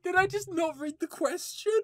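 A woman's voice: very high-pitched, moderate pace, a bit bright, slight background noise. A young woman commentating her play of a horror game, panicking, laughing and swearing at it. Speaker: gaming YouTuber.

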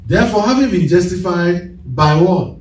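A man's voice: sits high, lively intonation, normal speed, darkish tone. Preaching man in an echoey hall. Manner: call-and-response preaching, bursts of laughter. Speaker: pastor. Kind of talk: sermon. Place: church. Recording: echoey church hall, distant mic.

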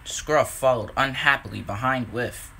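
A man narrating a storybook with a slow, lively, expressive reading. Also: mid-range voice, vocal fry, heavy background noise.

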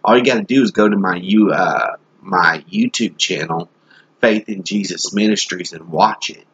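Male preacher doing a joking, rambling comic sermon; somewhat deep, breathy tone on a muffled recording. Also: normal speed, fairly bright tone. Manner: folksy, joking, rambling delivery.

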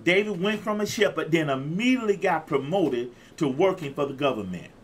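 A pastor in his fifties delivers an exuberant, repetitive sermon, calling out to his listeners in call-and-response fashion with repeated phrases. His fairly high voice is animated and a little fast.

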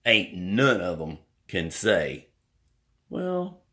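A middle-aged man vlogging in a rambling, folksy, self-mocking monologue, using country slang and jumping into squeaky, whiny exclamations. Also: big pitch swings, takes it slowly. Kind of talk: rambling casual monologue to camera.

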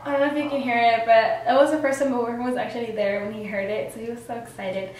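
A woman's voice: a little high, fairly even intonation, fast talker, a little mellow, very echoey, far from the mic, a little hiss or hum, rough recording. A young woman vlogger telling her personal story in a chatty way, with lots of fillers and acted-out quotes. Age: young adult.

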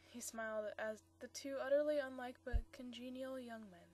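A woman's voice: fairly high pitch, fairly even intonation, normal speed, few pauses, darkish tone. A woman reading a short story aloud, stumbling now and then and correcting herself. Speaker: story reader.

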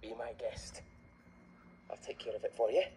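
A man's voice: medium pitch, fairly even intonation, normal speed, dark tone, a little hiss or hum, natural voice. A man voicing an easygoing young male conductor in a fan dub, casual, slangy and given to sighs. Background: music.

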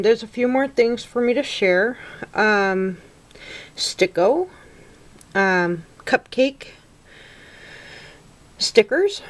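A middle-aged woman crafter chatting to camera as she unboxes a gift package, gushing, gasping and close to happy tears. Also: mid-range voice. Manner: slow, gushing, gasping and near tears with gratitude. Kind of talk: casual unboxing chat to camera.

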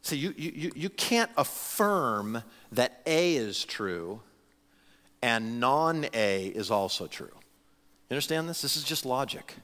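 A man's voice: mid-range voice, sing-song, takes it slowly, bright, forceful tone, big-room sound. A pastor in his forties preaching a sermon in a church, acting out the voices of the people he quotes. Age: 40s. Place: church sanctuary.

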